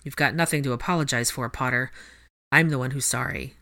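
A woman voicing a young wizard full of guilt who speaks low and subdued. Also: fairly quick, sharp tone, full character voice. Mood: ashamed. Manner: low, subdued, self-blaming.

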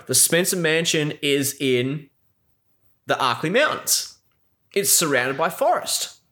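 A man's voice: mid-range voice, a bit bright. A young man recapping a film in a casual, sweary, rambling rant full of sarcasm. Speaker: film reviewer.

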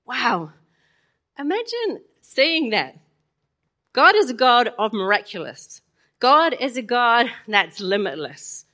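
A woman's voice: on the high side, big pitch swings, takes it slowly, sharp tone. A woman retelling a Bible story in a chatty, playful way, often asking her listeners questions. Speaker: Bible lesson teacher.

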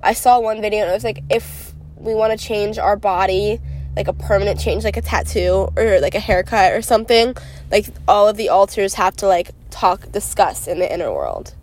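A woman's voice: mid-range voice, expressive, normal speed, a little mellow, slight background noise. A young American woman co-hosting a casual podcast chat, rambling and giggly with lots of fillers. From United States. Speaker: podcast co-host.

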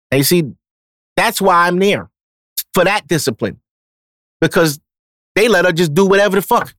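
Podcast host, male, slightly raised pitch, blunt and profane, casual monologue, dry close sound. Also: normal speed, long pauses, fairly bright tone, no echo.

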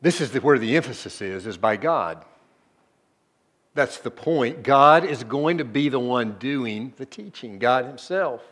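A man preaching a sermon as a pastor. He swings between low, soft stretches and loud emphatic bursts, and keeps asking the congregation rhetorical questions. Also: expressive, a little slow.

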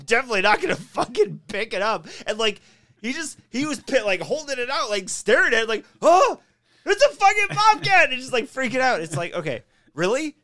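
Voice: mid-range voice, fast talker. A podcast co-host telling funny stories in casual chat, swearing and laughing. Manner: animated storyteller, swears, laughs while talking.

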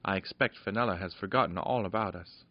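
A man's voice: low voice, fast, no room sound. A man voicing a kindly, loyal male peddler in a storybook, in a caring, earnest way. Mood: worried. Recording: dull lo-fi dry recording.

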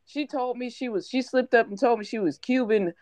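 A woman's voice: on the high side, brisk, a little mellow, no echo. A woman co-hosting a casual chat, telling a story in a laid-back, amused way with slang.

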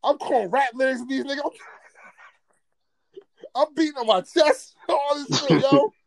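A man telling a stand-up story, animated and profane, getting loud and laughing as he talks. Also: very high voice, normal speed, creaky, no echo. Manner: gets loud and excitable, often laughing mid-sentence. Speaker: comedian.

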